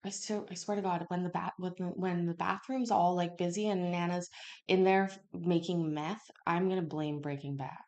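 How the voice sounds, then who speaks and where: Brief: female stream host, chatty and rambling, lowish voice. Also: steady tone, normal speed, mellow. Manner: rambling, chatty, acts out quotes. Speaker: channel host. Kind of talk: casual chat with viewers. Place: home kitchen.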